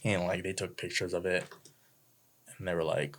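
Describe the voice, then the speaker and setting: A man's voice: low-pitched, little pitch movement, a little fast, fairly bright tone. A young man, a podcast guest telling a story casually, laid-back and swearing freely. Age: young adult.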